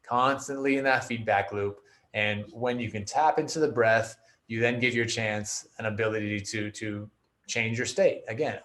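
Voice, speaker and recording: A man teaching breathing techniques on a video call, explaining loosely with many fillers and restarts, his mouth dry from talking an hour. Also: mid-range voice. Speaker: breathwork coach. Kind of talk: casual instruction over video call.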